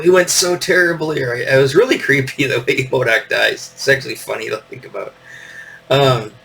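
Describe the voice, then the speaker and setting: Gravelly middle-aged guy rambling casually, lots of ums, mic kinda far off with light hiss. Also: medium pitch, a bit bright. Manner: meandering, many fillers, chuckles to himself. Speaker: podcast host. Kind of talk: casual rambling show-and-tell.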